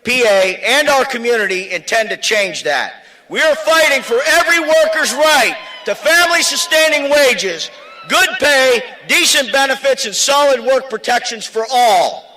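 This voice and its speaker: A man speaking for his union at an outdoor rally, shouting emphatic lists of demands. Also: very high voice, expressive, normal speed, poor audio.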